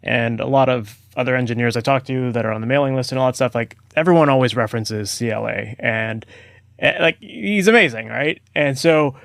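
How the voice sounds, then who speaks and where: A man hosting a podcast and chatting casually with his guest. He reflects on the guest's points in quick asides and uses "like" often. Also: medium pitch, gravelly, a bit bright, no echo, clean studio sound. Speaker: podcast host. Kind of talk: casual interview chat.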